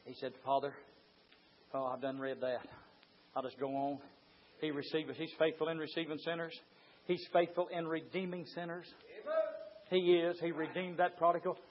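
A man preaching a revival sermon, swinging from hushed talk to shouted exclamations. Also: a little high, little pitch movement, moderate pace, pauses often, slight background noise. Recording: dull lo-fi sound.

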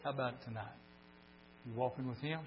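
An older man preaching a sermon, telling folksy stories and swinging from quiet talk to shouts. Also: medium pitch, fairly quick. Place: church meeting. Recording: dull lo-fi recording with mains hum.

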